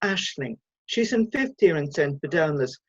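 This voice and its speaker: A woman voicing a flirty mother who speaks in a high, put-on posh voice. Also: animated, moderate pace, breathy edge, no echo, lo-fi sound. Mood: airy, showy.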